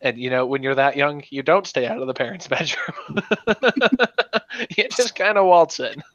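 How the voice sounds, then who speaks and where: A man's voice: a little high, a little slow, a bit bright, dull audio, a little hiss or hum. A man playing in a tabletop game, chatting casually and jokingly with some stammers. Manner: stammering, jokey. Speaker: player.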